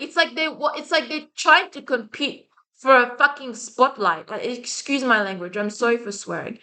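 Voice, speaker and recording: A woman's voice: high voice, bright, forceful tone. A woman vlogging in a heated, agitated monologue, swearing often and restarting her sentences.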